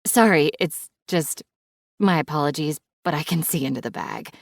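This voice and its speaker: A female audiobook narrator voicing a cheerful young office assistant who speaks in a bright, teasing way. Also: sits low, normal speed, dry recording, clean studio sound.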